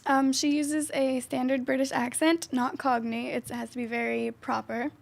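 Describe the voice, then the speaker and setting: A woman's voice: sits high, flat delivery, normal speed, creaky. A young woman, a student actor, answering interview questions casually and laughing often. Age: young adult.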